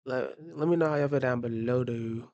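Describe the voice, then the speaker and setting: A man's voice: medium pitch, a little fast, dull audio, background noise. A man hosting a reaction video, talking casually in blunt, profane asides and repeating his fillers.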